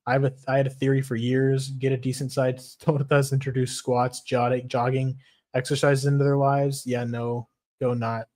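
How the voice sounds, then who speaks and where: Foul-mouthed excitable male streamer. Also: medium pitch, moderate pace. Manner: profane, excitable, reads chat aloud. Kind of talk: casual livestream chat.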